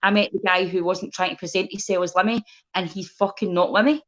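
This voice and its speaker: Her pitch is fairly low and she talks fairly quickly, though the recording is muffled. She's a Scottish comedian guesting in a casual conversation, telling animated stories with blunt, sweary energy.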